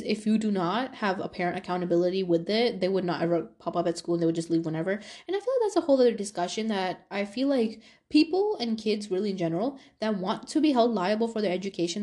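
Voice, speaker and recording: Young woman, podcast host, casual storytelling, animated, talkative. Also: mid-range voice, fast, hardly any pauses. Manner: animated, talkative, many fillers.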